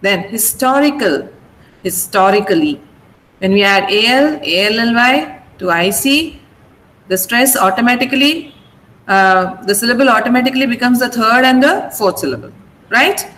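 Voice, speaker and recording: A woman's voice: fairly high pitch, lively intonation, normal speed, a bit bright, a little hiss or hum, rough recording. A woman teacher running an online class, patiently spelling out word endings and explaining which syllable is stressed. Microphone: video call.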